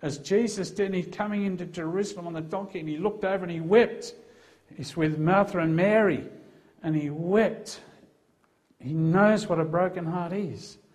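Australian man, middle-aged, fairly high voice, emphatic preaching, heartfelt testimony. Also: moderate pace, a little mellow. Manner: earnest, emphatic storytelling. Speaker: Christian police officer giving testimony.

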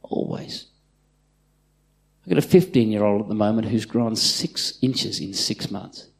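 A middle-aged man preaching a live sermon in a church, telling stories and swinging from loud calls to hushed asides. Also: lowish voice, animated, moderate pace. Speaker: pastor. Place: church auditorium with congregation.

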